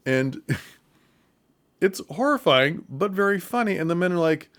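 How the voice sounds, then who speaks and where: A man casually retelling a comedy film's plot for theatre makers, with chuckles and quick put-on voices for the characters. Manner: animated retelling, quick falsetto bits for quoted characters; chuckles through the telling. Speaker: theatre commentator. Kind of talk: casual film recap.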